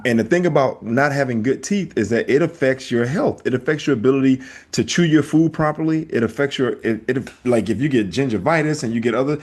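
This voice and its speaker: Animated storytelling podcast man. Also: mid-range voice. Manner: animated storyteller, acts out voices. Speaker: podcast co-host. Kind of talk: casual podcast chat.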